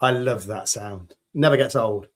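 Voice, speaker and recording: A man with a British accent chatting enthusiastically on a live stream while demolding resin pieces, a little croaky after hours of talking. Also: fairly low pitch, measured pace. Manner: chatty and enthusiastic, greeting viewers.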